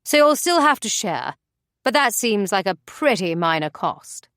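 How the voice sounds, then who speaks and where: A woman voicing a measured, indulgent male book editor in a storybook reading. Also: mid-range voice, big pitch swings, a bit bright, no echo, clean studio sound. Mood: matter-of-fact.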